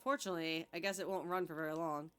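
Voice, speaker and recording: A woman voicing a calm male ghost in a video game, quiet and thoughtful, musing to himself. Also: low voice, fast talker, soft background music, pitched below the performer's own voice. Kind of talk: reading game dialogue aloud.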